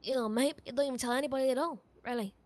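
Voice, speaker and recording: A woman's voice: high-pitched, very fast. A woman playing a character in a game roleplay, talking in a hesitant way, repeating words and trailing off. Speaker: roleplay player.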